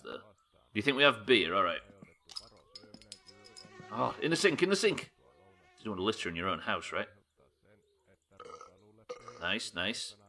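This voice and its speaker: A man's voice: on the low side, bright, forceful tone. A man chatting casually while playing a game on a live stream, swearing and joking as he plans each move. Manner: sweary, joking, thinking aloud. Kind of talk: casual gameplay commentary.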